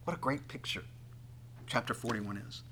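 A man preaching a sermon, swinging from soft asides to loud, dramatic bursts and acting out quoted voices. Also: medium pitch, moderate pace, slight background noise. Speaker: pastor.

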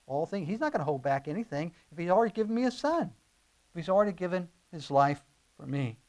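A man's voice: sits high, expressive, quick pace, a little mellow. A man preaching a sermon, impassioned and emphatic, building through repeated phrases and slipping into conversational asides with stumbles and restarts.

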